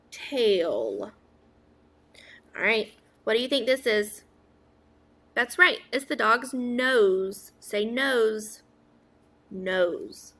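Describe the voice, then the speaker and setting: A woman teaching a phonics lesson to young children, sounding out words slowly, asking questions and praising answers. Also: a little high, vocal fry, a bit bright. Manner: stretches out sounds, asks and praises an imagined class.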